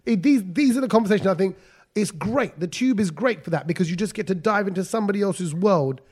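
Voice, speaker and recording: A man co-hosts a radio chat, his voice set high and his delivery rapid. He tells stories animatedly, slipping into impressions of strangers he overheard and laughing along the way. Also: lively intonation, a little mellow, breathy edge. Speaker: radio co-host. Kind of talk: casual studio banter.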